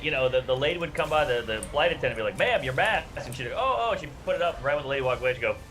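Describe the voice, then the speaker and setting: A stand-up comedian from New Orleans trading road stories in podcast banter, telling them in an animated, profane way. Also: male voice, mid-range voice, very fast, a little hiss or hum, low-quality recording.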